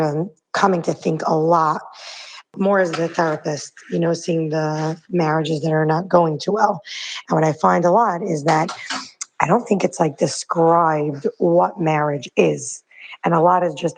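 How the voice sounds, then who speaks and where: A hoarse woman in her thirties leaving a rambling, chatty voice note on her phone. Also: fairly low pitch, fairly even intonation, normal speed, poor audio. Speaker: listener sending a voice note. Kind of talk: casual voice note. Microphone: phone voice message.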